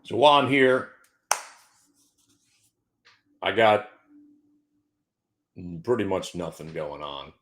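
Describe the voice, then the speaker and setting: A man's voice: low voice, big pitch swings, a little slow, fairly bright tone, a little hiss or hum. A middle-aged man hosting a stock trading show, giving casual, joking market commentary with mock-emotional outbursts and stumbling repeats.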